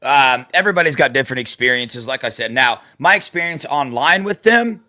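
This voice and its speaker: A man co-hosting a sports podcast in a loose, rambling way. His voice is bright and forceful, and he talks excitedly about a game he attended, restarting sentences as he goes. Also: mid-range voice, fairly quick. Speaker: podcast co-host. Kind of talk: casual sports chat.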